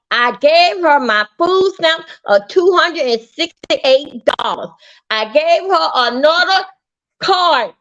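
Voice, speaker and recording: A woman hosting a live stream, telling an angry, profane story and repeating herself as she vents. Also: high voice. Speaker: livestream host. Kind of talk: heated live-stream rant. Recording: dull lo-fi stream audio.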